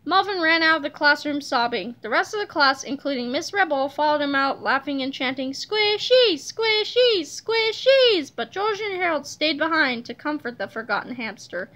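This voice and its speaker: A woman reading a funny children's book aloud in a lively, expressive way. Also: sits high, brisk, hardly any pauses. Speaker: reader.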